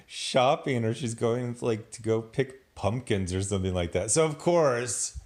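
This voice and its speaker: A man's voice: mid-range voice, measured pace, hardly any pauses. A man giving a casual, sarcastic review of a TV episode, laughing often as he picks it apart. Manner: sarcastic, animated, laughs a lot. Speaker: TV show reviewer.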